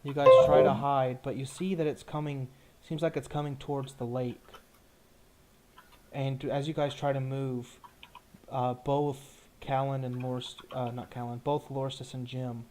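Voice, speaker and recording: A young man narrating a tabletop game as dungeon master, halting and searching for words with frequent fillers. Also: mid-range voice, level tone, a little mellow, slight background noise.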